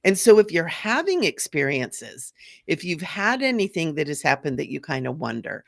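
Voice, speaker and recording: A woman's voice: low-pitched, very animated, moderate pace, vocal fry, no echo, clean studio sound. A middle-aged woman hosting a live stream as a psychic medium, talking in an earnest, chatty way with fillers and restarts and greeting viewers. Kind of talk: casual live-stream talk.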